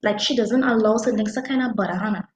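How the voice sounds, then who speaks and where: Lively Trinidadian woman, slightly high voice. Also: rapid-fire, roomy sound, slight background noise, poor audio. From Trinidad and Tobago. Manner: animated, dialect-heavy storytelling. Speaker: podcast co-host. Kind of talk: casual book review chat.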